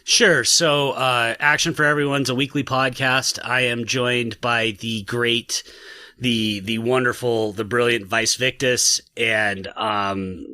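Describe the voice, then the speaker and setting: An American man from Utah, guesting on a casual podcast, relaxed and joking as he talks. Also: mid-range voice, dry recording. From Utah, USA. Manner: relaxed, laid-back, joking. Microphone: video call.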